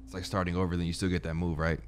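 A man's voice: deep voice, flat delivery, racing, a little hiss or hum. A young man livestreaming a game, chatting casually in laid-back slang. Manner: laid-back, slangy, says bro a lot. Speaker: streamer. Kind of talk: casual gaming livestream commentary. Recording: game music playing behind.

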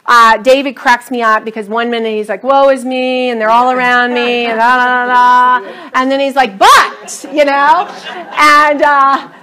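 A woman leads a Bible study in a high, bright-toned voice. She teaches with animated, emphatic storytelling and reads scripture with feeling. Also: normal speed, few pauses.

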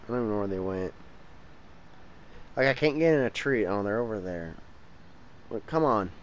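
Tired, frustrated young gaming host. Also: male voice, fairly low pitch, lively intonation, moderate pace, a little hiss or hum, low-quality recording. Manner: frustrated, impatient, talks to the game. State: tired and yawning. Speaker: gameplay channel host. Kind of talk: casual let's-play commentary.

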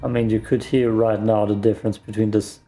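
A man's voice: on the low side, little pitch movement, fairly quick, mellow, faint music behind. A man mutters casual gameplay commentary to himself while he plays, with some mild swearing. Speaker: gaming streamer.

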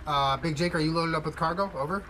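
A man's voice: a little high, quick pace, pushed and bright, slight background noise, rough recording. A man streaming a trucking game, chatting casually with viewers and friends in trucker radio lingo. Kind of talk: casual gaming stream chat.

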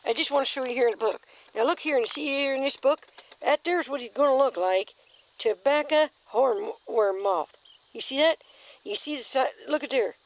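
A woman, chatting in a folksy, easily excited way as she films bugs in her backyard garden on a handheld camera. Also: high-pitched, normal speed, low-quality recording. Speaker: nature vlogger. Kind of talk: casual nature walk-and-talk.

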